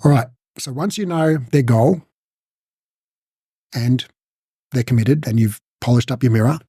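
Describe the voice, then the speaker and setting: A man's voice: medium pitch, unhurried, warm tone, husky, no room sound, studio quality. A man teaching a casual recorded lesson, talking conversationally and acting out short coach and client exchanges. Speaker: instructor.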